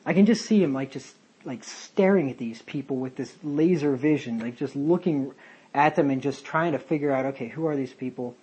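Husky rambling man teaching Bible study. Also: a little high, normal speed, warm tone, rough recording. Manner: rambling, conversational, many fillers and tangents. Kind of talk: casual Bible study talk.

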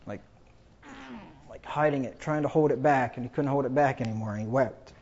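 A man's voice: medium pitch, steady tone, fairly quick, a little mellow, muffled recording. A man preaching a funeral sermon, reading scripture aloud with rising emphasis.

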